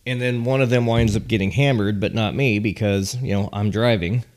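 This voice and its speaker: A man's voice: on the low side, brisk, a little mellow. A man co-hosting a casual podcast, joking and teasing his wife. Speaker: podcast co-host. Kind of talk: casual chat.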